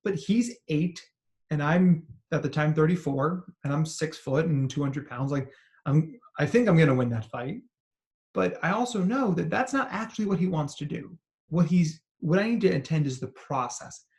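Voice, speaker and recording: A man with a slightly higher voice gives an animated talk to parents and educators. He explains like a psychologist, tells stories and asks the listeners questions. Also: normal speed. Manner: animated storytelling with acted quotes and asides. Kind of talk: expressive talk to an audience.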